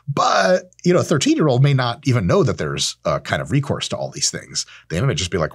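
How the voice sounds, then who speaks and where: A man in his thirties hosting a casual monologue, animated and swearing freely, acting out imagined exchanges. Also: mid-range voice, quick pace, hardly any pauses, breathy edge. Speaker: host.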